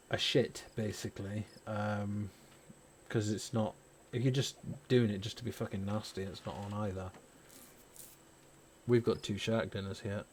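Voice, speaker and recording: Over gameplay, a gaming channel host, a father, chats casually with strong opinions, rambling and cursing a lot. His voice is mellow and on the low side.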